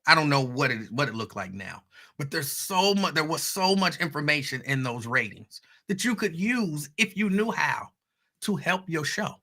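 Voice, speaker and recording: Male host, fairly high, very bright voice, casual storytelling with asides to the audience. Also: normal speed. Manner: conversational storytelling, animated asides to listeners. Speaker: radio host. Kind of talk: casual monologue.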